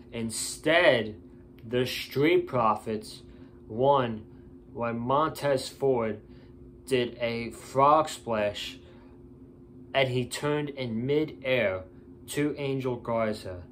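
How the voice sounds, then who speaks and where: A man's voice: mid-range voice, a bit bright, a little hiss or hum. A tired man giving a casual, opinionated wrestling show review, blunt and ranting.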